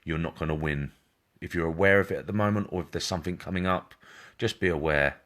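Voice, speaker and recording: A man's voice: sits low, quick pace, a bit bright. A man working as a medium, giving a live-stream psychic reading, repetitive and reassuring, addressing viewers by name.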